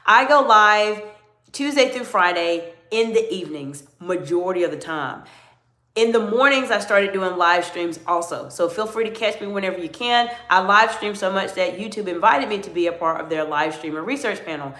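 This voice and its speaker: A middle-aged woman coaching viewers in a live-stream Q&A, answering them by name and lowering her voice to demonstrate. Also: animated, normal speed, a bit bright. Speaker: communication coach. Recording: roomy echo.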